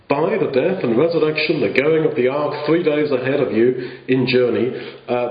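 A man's voice: medium pitch, muffled recording. Earnest man preaching in an echoey hall. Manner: earnest, halting with restarts and fillers. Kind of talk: sermon.

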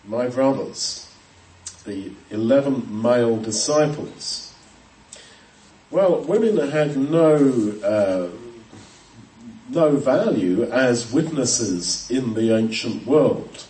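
Brief: male preacher, earnest expository sermon, mellow tone, miked from afar in a roomy space. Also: mid-range voice, lively intonation, extremely slow. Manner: earnest, emphatic, with frequent restarts and ums. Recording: echoey room, voice from a distance.

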